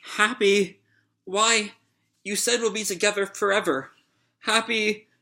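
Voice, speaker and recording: A man's voice: slow, pushed and bright, exaggerated voice. A man voicing a young girl gunslinger who is tearful and fierce, reading her lines in a raised, pleading voice. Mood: grieving. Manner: high pleading, near-shrieking cries.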